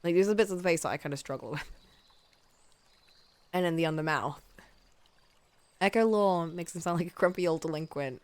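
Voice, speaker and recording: Sick girl drawing on stream, coughy, chatty, laughs at herself a lot. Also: sits low. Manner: chatty, self-deprecating, laughs often. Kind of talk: casual chat while drawing.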